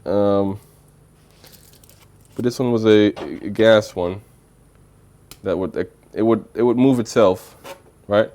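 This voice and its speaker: A man's voice: lowish voice, fairly even intonation, slow pace, long pauses, warm tone. A man telling a rambling, playful story on a casual livestream, with lots of filler words. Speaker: streamer.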